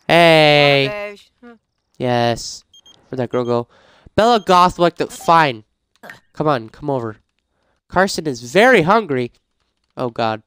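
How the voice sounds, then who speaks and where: Game commentator, male, mid pitch, smooth clear voice, dry close mic, chatty and prone to frantic outbursts. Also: animated, a little slow, no room sound. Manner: reads game prompts aloud, grows frantic and shouty. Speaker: gaming YouTuber. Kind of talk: casual let's-play commentary.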